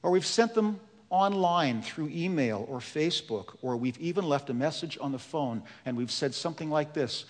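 A male pastor preaching a sermon in a slow, earnest and emphatic way. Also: a little high, animated, big-room sound.

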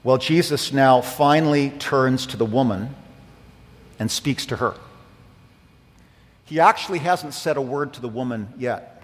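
A man's voice: medium pitch, unhurried, long pauses. Man preaching in a reverberant church. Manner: earnest preaching, rising and swelling on key phrases. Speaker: pastor. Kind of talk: sermon. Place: church sanctuary. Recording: long hall reverb.

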